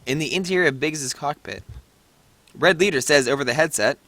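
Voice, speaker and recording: A man's voice: on the high side, bright, forceful tone, dry recording. A man reading the stage directions aloud in a casual script read-through, stumbling over words now and then. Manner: reads haltingly, stumbles on words.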